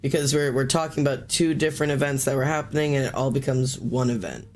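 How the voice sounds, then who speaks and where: A man's voice: medium pitch, fast, a little hiss or hum. A man hosting a livestream, chatting loosely with friends and slipping into a mock teacher voice to explain things. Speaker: streamer host. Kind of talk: casual group chat on a livestream.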